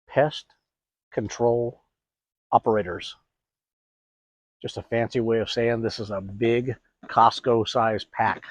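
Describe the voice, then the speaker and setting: A man's voice: mid-range voice, steady tone, slow, long pauses, no echo. A middle-aged man hosting a DIY product tutorial, chatty, asking and answering his own questions. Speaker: host.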